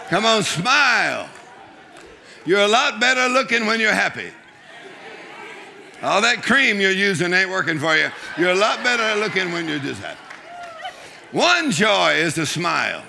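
A man preaching a humorous sermon, joking and urging the congregation on with shouts and laughter. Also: high voice, sing-song, normal speed, gravelly, a faint crowd, slight background noise.

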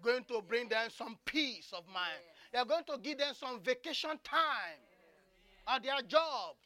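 A preacher delivering a fervent sermon, mixing plain preaching with loud bursts of praying in tongues. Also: mid-range voice, animated, measured pace.

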